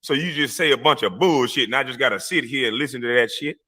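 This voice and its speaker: A man delivers a heated live-stream rant. His voice sits at an ordinary pitch, blunt and profane, and he swings into loud mocking voices when he quotes his rivals. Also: fast talker.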